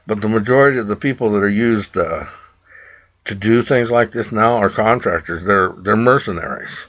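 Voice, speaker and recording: A man's voice: fairly low pitch, moderate pace, fairly bright tone. A man from the United States speaking straight to camera in an urgent, preachy rant, often repeating himself. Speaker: vlogger. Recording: dull lo-fi recording.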